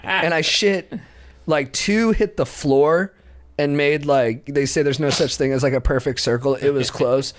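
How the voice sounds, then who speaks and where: Guest storyteller, young man, lively and animated, laughs mid-story, casual podcast. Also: medium pitch, moderate pace. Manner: animated, acts out quotes, laughs through his stories. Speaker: comedian guest.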